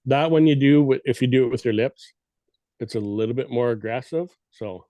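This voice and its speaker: A man's voice: medium pitch, normal speed, mellow, no echo, muffled recording. A man on a podcast casually explaining elk cow calls and sometimes mimicking them with his voice. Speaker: guest elk calling expert.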